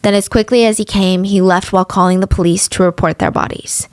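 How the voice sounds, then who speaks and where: A woman hosting a true-crime podcast, telling the story with animated and indignant commentary. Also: mid-range voice, a little fast, clean tone, no echo. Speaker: podcast host.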